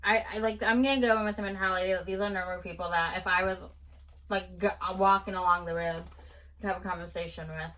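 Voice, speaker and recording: A young woman co-hosting a casual chat, speaking calmly and evenly with frequent ums. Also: on the low side. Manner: calm, measured, lots of ums. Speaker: podcast co-host.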